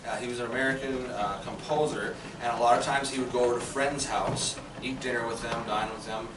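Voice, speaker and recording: A man's voice: medium pitch, steady tone, fairly quick, noisy background. A man, a living history performer, chatting loosely to visitors about an old song, with fillers and restarts. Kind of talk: casual historical talk to visitors. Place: small historic clerk office indoors. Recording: echoey room, from far off, loud guitar.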